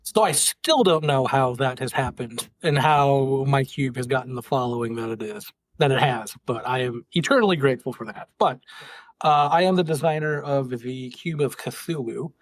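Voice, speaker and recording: Guy guesting on a podcast, modest, explains things calmly, dry sound. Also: mid-range voice, moderate pace, no room sound. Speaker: podcast guest, cube designer. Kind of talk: casual podcast interview.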